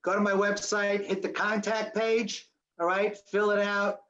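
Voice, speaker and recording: A man's voice: high voice, unhurried, highs cut off. A man in his sixties speaking as a guest on a video call, telling a story with humor and acting out the voices of the people in it. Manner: animated storyteller who acts out quoted voices with humor. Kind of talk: storytelling talk with Q&A.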